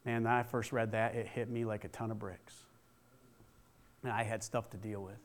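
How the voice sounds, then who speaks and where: A man preaching a sermon in a conversational way, asking the congregation questions and swinging from loud to hushed. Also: on the low side, little pitch movement, moderate pace. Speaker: pastor.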